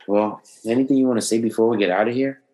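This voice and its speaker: A man's voice: lowish voice, fast talker. A man co-hosting a podcast, telling a vacation story in casual chat, swearing freely and slipping into voices. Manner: animated storyteller, profane, does voices. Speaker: podcast co-host.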